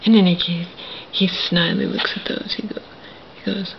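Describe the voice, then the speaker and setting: A woman vlogger talking in a hushed whisper, bitter and full of profanity, in a personal monologue. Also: lowish voice, fairly even intonation, moderate pace, creaky, lo-fi sound, a little hiss or hum.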